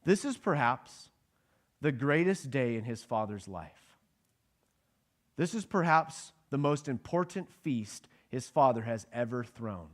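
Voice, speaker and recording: A pastor teaching a Bible passage preaches conversationally to his congregation, asking them questions and acting out the quoted lines of the people in the passage. His mid-range voice is very animated, and his pace is measured.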